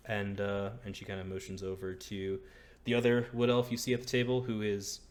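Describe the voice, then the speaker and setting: A man's voice: lowish voice, completely flat delivery, brisk. A man narrating as game master in a casual, hesitant way with many fillers.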